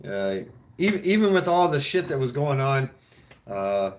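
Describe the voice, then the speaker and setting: A show host with a medium-pitched voice and big swings in pitch talks at normal speed on a casual talk show. He rambles with many restarts, swears freely, laughs often and mimics others in mock voices.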